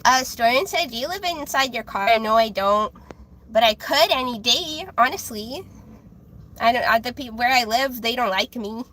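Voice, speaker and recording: High bright babyish voice, woman doing a tarot live stream, lots of um and uh. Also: lively intonation, normal speed, low-quality recording. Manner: high, childlike voice with frequent fillers and restarts. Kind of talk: casual live-stream chat.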